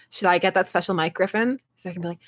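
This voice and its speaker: A woman's voice: lowish voice, moderate pace. A young woman live streaming and chatting casually with her viewers, rambling and laughing often as she answers chat. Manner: reads and answers chat aloud.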